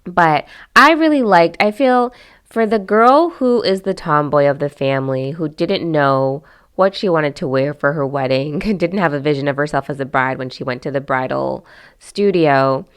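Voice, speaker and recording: Low-voiced chatty woman vlogger. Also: normal speed, clean tone. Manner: chatty, filler-heavy, candid and opinionated. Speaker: host. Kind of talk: casual commentary vlog.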